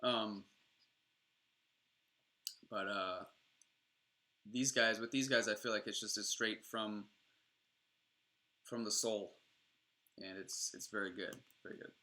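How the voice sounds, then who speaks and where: Bright-voiced young man chatting on stream. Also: fairly low pitch, steady tone, slow pace, long pauses. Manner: rambling, profane, enthusiastic. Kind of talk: casual stream chat.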